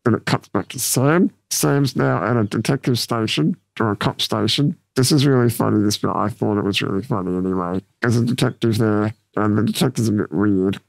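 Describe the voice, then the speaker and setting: A man's voice: on the low side, brisk, gravelly, hardly any pauses, no echo, rough recording. A man co-hosting a podcast, chatting casually as he recaps a movie scene by scene, with frequent fillers and laughter. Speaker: podcast co-host.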